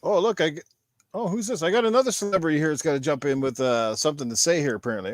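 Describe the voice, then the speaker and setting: A man's voice: on the high side, very fast, no echo. A man hosting a gaming show, with hype-man energy and a cheery sign-off. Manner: hype-man, loud bursts, upbeat sign-off. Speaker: podcast host. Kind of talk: casual gaming chat.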